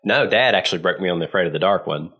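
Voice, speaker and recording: A very deep-voiced man with a drawl, chatting at a quick clip. He tells family stories in a folksy, laid-back way. His talk stays casual and relaxed. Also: husky. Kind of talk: casual chat, storytelling.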